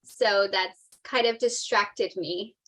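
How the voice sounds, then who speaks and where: A woman's voice: medium pitch, slow, a bit bright. A woman in her forties, a podcast guest, talking openly and emotionally in a casual chat. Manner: open, emotional, talkative.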